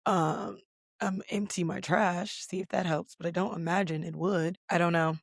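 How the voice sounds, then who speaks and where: A woman hosting a casual solo podcast in a chilly office, hoarse with her voice mostly gone, chatty and rambling with a self-deprecating manner. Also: fairly low pitch, steady tone, normal speed, no room sound. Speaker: podcast host. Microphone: computer recording setup.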